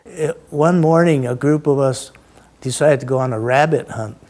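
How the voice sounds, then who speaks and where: A man in his eighties recounting childhood memories in an interview, halting and full of fillers. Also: medium pitch, a little mellow.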